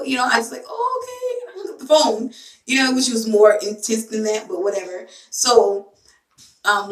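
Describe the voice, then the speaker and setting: A woman's voice: mid-range voice, a bit bright, distant mic. A young woman in a casual vlog, telling an emotional story in a rambling way full of fillers. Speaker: vlogger. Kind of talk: casual chat to camera. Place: home bathroom. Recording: echoey bathroom, voice from mic.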